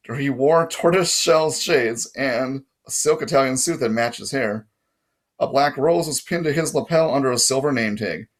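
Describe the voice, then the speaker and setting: A man narrating a first-person story in a plain reading voice, now and then correcting his own slips. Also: mid-range voice. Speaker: audiobook reader.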